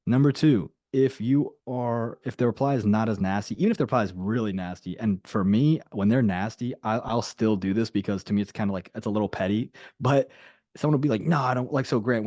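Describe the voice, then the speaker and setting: A man's voice: lowish voice, dark tone, no room sound, studio quality. A man leading a group coaching call, talking casually and emphatically and repeating his key points. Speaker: sales coach.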